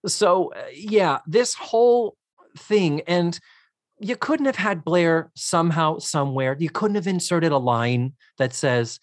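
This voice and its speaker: An animated podcast co-host talks through a TV episode in casual, exasperated chat, cursing along the way. The voice sits at a middling pitch in a dry, close sound with no room around it. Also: measured pace, dry recording. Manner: animated, exasperated, swears freely.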